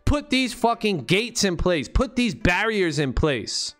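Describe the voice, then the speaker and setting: A man's voice: sits high, big pitch swings, a little slow, fairly bright tone, pitched above the performer's own voice, exaggerated voice. A man voicing an arrogant rich male elite who mocks commoners in a profane, scornful way.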